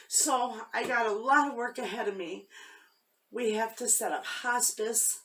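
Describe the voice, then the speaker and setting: A woman's voice: on the high side, unhurried, a bit bright, recorded from a distance, a little hiss or hum. A woman vlogging from her homestead, telling a story in a heartfelt, rambling way with many restarts. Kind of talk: casual chat to camera.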